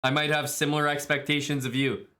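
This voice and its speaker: Bright-voiced laid-back male streamer. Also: a little high, flat delivery, quick pace. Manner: laid-back, jokey, calls viewers bud and bro. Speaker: live streamer. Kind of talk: casual stream chat, reading viewer messages.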